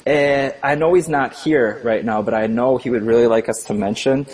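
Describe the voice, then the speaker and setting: A man co-hosting a sports podcast, wry and jokey, halting with fillers and restarts. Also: medium pitch, darkish tone, slightly rough. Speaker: podcast co-host. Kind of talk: casual joking chat.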